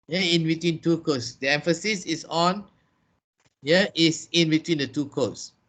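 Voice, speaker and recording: High, bright-voiced trainer. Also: male voice, unhurried. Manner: repeats key points, explanatory. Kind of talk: classroom lesson. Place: training room with a class.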